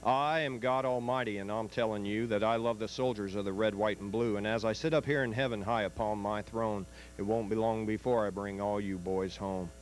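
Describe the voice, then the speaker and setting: A man's voice: lowish voice, steady tone, fairly quick, hardly any pauses, slight background noise, close to an everyday voice, low-quality recording. A man reciting a rhyming poem in the voice of a stern, fatherly God on his heavenly throne, proclaiming solemnly.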